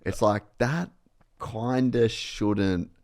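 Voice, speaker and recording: Podcast host, very deep gravelly male voice, relaxed and slangy, dry sound. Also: drawn-out words, dry recording. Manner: laid-back, slangy, says "dude" and "bro". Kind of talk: casual podcast conversation.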